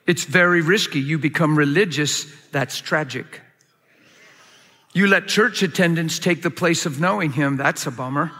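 A man preaches a sermon with a high, bright and forceful voice. He talks emphatically, jumping up into excited peaks. The sound carries a long reverb, as if from a large hall. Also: normal speed. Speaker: pastor.

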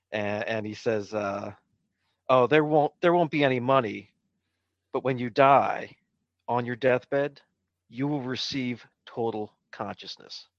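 A deadpan, easygoing golf caddie, as a man puts him on while retelling a film scene. The sound is dull and lo-fi, with a very dry, close feel. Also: medium pitch, no room sound, lightly acted.

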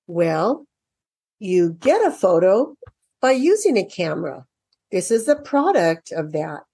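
A woman talks parents through a children's workbook in an unhurried, casual way, her pitch rising and falling freely. She reads passages aloud and answers her own questions as she goes. The sound is dry and close. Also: a little mellow, no room sound. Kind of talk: casual explanatory walkthrough.

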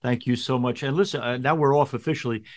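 A man's voice: mid-range voice, fairly even intonation, fast, no echo. A man hosting a talk show, gracious and easy to laugh as he thanks his guest. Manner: warm, gracious, laughs easily. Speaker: host, priest.

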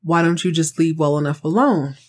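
A woman's voice: low-pitched, brisk. A woman voicing a fired man who pleads with his old boss in a casual, aggrieved tone.

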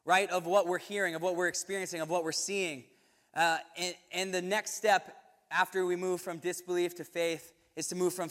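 A man's voice: high voice, fairly bright tone. A young man giving a casual sermon to a youth group, conversational and self-correcting with touches of light humor. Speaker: youth ministry speaker. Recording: reverberant hall.

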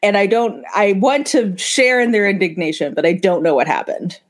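A woman co-hosting a podcast in casual chat, animated and quick with asides, saying "like" a lot. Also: mid-range voice. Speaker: podcast co-host.

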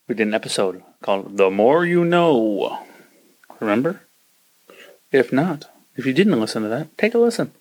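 A man hosting a podcast, ranting casually and acting out quoted voices as he gives advice. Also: mid-range voice. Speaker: podcast host.

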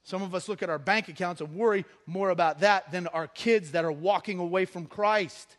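A man's voice: high voice, moderate pace, fairly bright tone. A middle-aged man giving a conversational sermon as a pastor, joking at times and rising into emphatic bursts.

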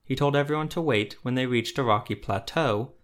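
A man reading a fantasy story aloud as narrator, in a steady, even manner. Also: medium pitch, fairly quick. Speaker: audiobook narrator. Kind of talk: scripted narration.

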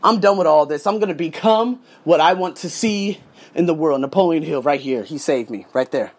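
Speaking at a moderate pace in a voice on the high side, an English teacher vlogs casually from inside his condo room. He tells his story emphatically, swearing along the way.

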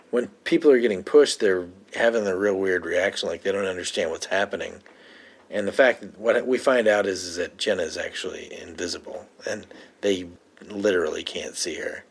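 Man recapping a tv episode, husky voice, lowish pitch, chuckles a lot. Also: normal speed. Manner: laughs often, retells scenes with quoted lines. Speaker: podcast co-host. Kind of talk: casual chat recapping a TV episode.

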